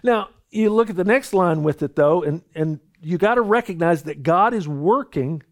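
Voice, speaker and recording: A man's voice: sits high, lively intonation, normal speed. A man preaching a sermon in an earnest, conversational way, often stumbling over and repeating words. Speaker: pastor.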